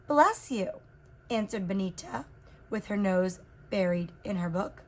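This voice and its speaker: A woman reading a children's picture book aloud in an expressive, unhurried way. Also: mid-range voice. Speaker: reader. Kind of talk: storybook read-aloud.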